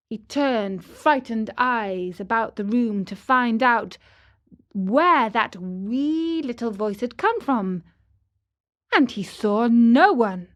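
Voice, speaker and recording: A woman reading a fairy tale aloud clearly and deliberately for English learners. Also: fairly high pitch. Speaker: storyteller.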